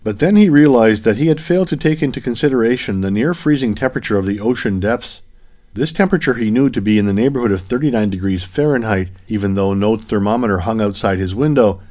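A man narrating an audiobook in a steady, even reading style. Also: on the low side, a little fast.

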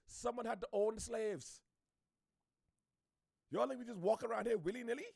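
A man from the Bahamas with a Bahamian accent, ranting to camera in an animated, preachy way, repeating his points. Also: very high voice, moderate pace, gravelly, slightly rough, no echo, clean studio sound. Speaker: social media commentator. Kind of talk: opinionated rant to camera.

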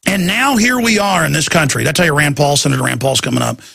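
Gravelly, raspy talk show host. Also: male voice, fairly high pitch, fast, bright, forceful tone, no echo. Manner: rambling storytelling, acting out quoted voices. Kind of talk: rambling talk-radio rant.

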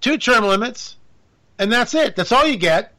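A man giving a casual political monologue, animated and sarcastic, with joking asides. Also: very high-pitched, moderate pace. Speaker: political commentator.

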